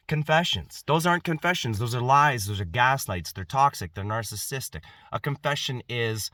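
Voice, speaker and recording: Forceful middle-aged man, lecturing. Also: mid-range voice, lively intonation, moderate pace, hardly any pauses, dry recording, clean studio sound. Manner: emphatic, repetitive, rhetorical questions. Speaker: vlogger. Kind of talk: personal monologue to camera.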